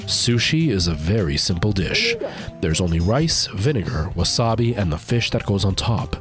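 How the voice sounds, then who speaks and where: A man voicing an arrogant male sushi gourmet in a game, speaking slowly and deliberately in an impression of a famous actor. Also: lowish voice, very animated, over music, pitched below the performer's own voice. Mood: pompous. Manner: slow, deliberate, pompous pauses.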